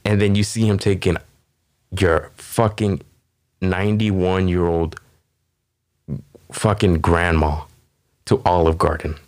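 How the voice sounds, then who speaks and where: A man with a very low voice hosts a comedy podcast. He riffs casually and rambles, swearing often and padding his thoughts with ums and you-knows. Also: fairly even intonation, slow, pauses often, a little mellow. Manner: rambling, profane, with many fillers. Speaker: podcast host.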